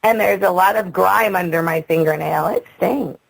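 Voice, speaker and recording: Woman, mid pitch, gravelly fry, blunt teasing tone, casual banter. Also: normal speed, no echo, low-quality recording.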